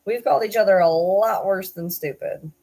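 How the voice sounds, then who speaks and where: A woman's voice: mid-range voice, normal speed, mellow. Lady in her 40s rambling on a stream, swears a lot, laughs at herself. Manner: rambling, swears, laughs often, self-deprecating. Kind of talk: casual live-stream chat.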